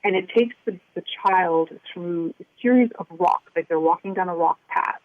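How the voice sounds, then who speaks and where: A woman's voice: lowish voice, normal speed, no room sound. A woman co-author of a children's workbook, talking in an earnest, reflective way during a casual interview. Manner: earnest, reflective, acts out remembered dialogue. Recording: tinny phone line.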